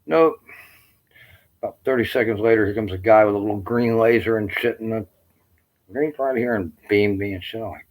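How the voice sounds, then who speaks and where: A man's voice: on the low side, brisk, a little mellow, low-quality recording. Profane, rambling man in his late fifties. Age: 50s. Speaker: army veteran ranting to camera. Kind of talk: rambling personal rant.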